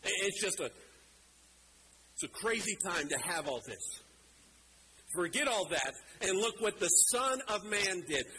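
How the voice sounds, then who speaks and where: A male preacher delivering a sermon in a fairly high voice. He grows animated and acts out scripture, slowing down to stress key lines. A clear layer of noise runs under the recording. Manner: animated, acts out scripture quotes, slows for emphasis.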